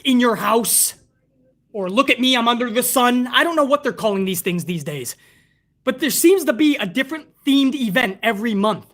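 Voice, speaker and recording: A man's voice: very high-pitched, a bit bright. Profane, heated male wrestling streamer. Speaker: wrestling podcast host. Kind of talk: casual livestream commentary, reading donations.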